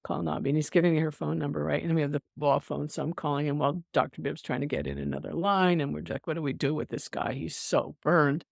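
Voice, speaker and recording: An older woman, a veteran emergency nurse, telling stories from her career in a casual podcast interview, lively and quick to laugh. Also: sits low, vocal fry, no room sound, clean studio sound. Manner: animated storyteller, breaks into laughter, many restarts.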